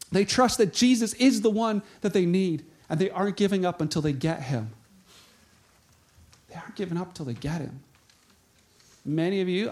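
A man preaching a sermon, conversational and animated, retelling stories with voiced quotes. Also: sits high.

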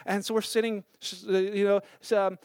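A man's voice: high-pitched, little pitch movement, fairly quick, darkish tone, clear, resonant tone, no room sound, clean studio sound. A man sharing a mission-trip testimony with a church in a casual storytelling way. He acts out the dialogue of the people in his story.

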